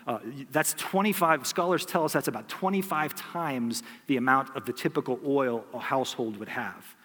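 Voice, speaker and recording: A man's voice: mid-range voice, normal speed, bright, forceful tone. A man preaching a sermon who retells a story and keeps asking the listeners rhetorical questions. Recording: long hall reverb.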